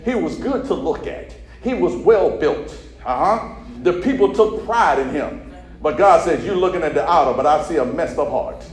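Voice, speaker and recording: Male preacher, high voice, call-and-response sermon, prompts the crowd to repeat, quiet murmurs to shouting, echoey church hall. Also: expressive, normal speed. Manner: leads the crowd with repeated "say" prompts and "you follow me?" checks; swings from low murmurs to loud, shouted preaching.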